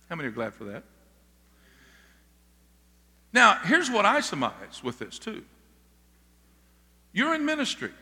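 A man's voice: high-pitched, sing-song, normal speed, pauses often, bright, forceful tone. A male pastor preaching a sermon with emphatic delivery, calling out "Amen?" to the congregation from a church sanctuary. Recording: long reverb of a large hall.

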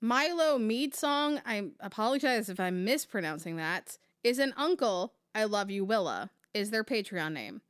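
A woman's voice: mid-range voice, expressive, normal speed, hardly any pauses, dry recording, clean studio sound. A woman co-hosting a casual podcast, emphatic and passionate, swearing freely. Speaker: podcast co-host.

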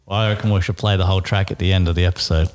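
A man's voice: low voice, little pitch movement, very fast. A man co-hosting a casual podcast, talking earnestly and laughing often. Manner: earnest, talkative, frequent laughs. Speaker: podcast co-host. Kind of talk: casual chat.

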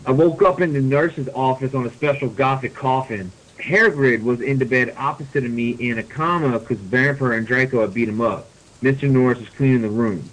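A man's voice: mid-range voice, normal speed, slight background noise, poor audio. A man with a mid-range voice reads a story aloud on a comedy podcast. He plays the lines straight, then cracks up and laughs through them. It sounds like podcast audio with a radio-like tone. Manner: reads deadpan, breaking into laughter. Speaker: podcast host. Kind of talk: comedic dramatic reading.

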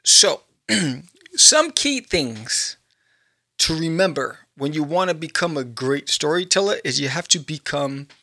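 A man hosting a podcast, talking straight to listeners and acting out their inner thoughts. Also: fairly high pitch. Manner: animated, acts out inner thoughts in quotes. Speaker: podcast host. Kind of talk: motivational talk to listeners.

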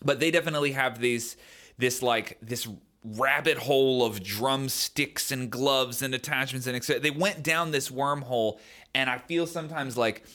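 A young man co-hosts a relaxed podcast chat. He thinks out loud in loose, wandering sentences, leaning on "like" and "man" as he goes. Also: mid-range voice, moderate pace. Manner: rambling, musing, frequent "like" and "man". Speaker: podcast co-host. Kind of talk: casual chat.

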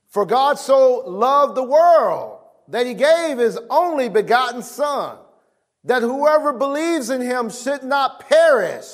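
A middle-aged man preaching a sermon, emphatic and casual, calling on the congregation to answer back. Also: high voice. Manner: emphatic, call-and-response with the congregation.

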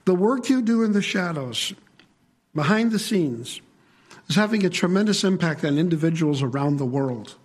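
A man delivers a sermon with a slightly husky voice that sits a little high for a man. He talks to the congregation in a conversational way and stops to ask them questions. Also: expressive, moderate pace. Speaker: preacher.

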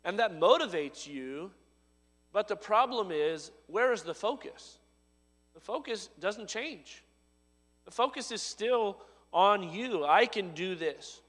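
A man preaching a sermon, his voice swelling to loud emphatic lines and dropping low and soft. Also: lively intonation, slow pace, long reverb tail. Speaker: pastor.

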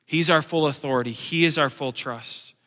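Pastor guy preaching, pretty high voice, gets loud then drops quiet for jokes, lots of hall echo. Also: normal speed. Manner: animated, swings between loud emphasis and quiet asides; joking asides in plain everyday speech. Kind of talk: sermon. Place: church sanctuary. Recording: long church hall reverb.

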